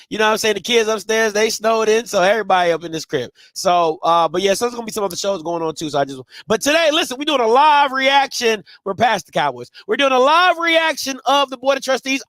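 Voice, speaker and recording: Animated high-voiced man telling stories. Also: no room sound. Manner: animated storytelling, repeats phrases. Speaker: livestream host. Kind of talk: casual livestream chat. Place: home, snowed in.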